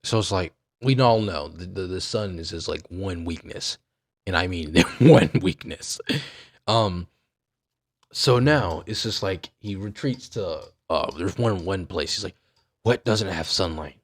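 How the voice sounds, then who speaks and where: A young man in a casual rant, animated and profane, who often trails off into mumbles. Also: sits low, unhurried. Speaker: streamer. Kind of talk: casual rant about an anime.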